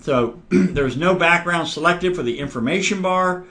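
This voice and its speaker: Male instructor, slightly high voice, casual walkthrough of a software screen, clears throat often. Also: unhurried. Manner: casual, talks through each click, frequent throat clearing. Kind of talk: screen-recorded software demonstration.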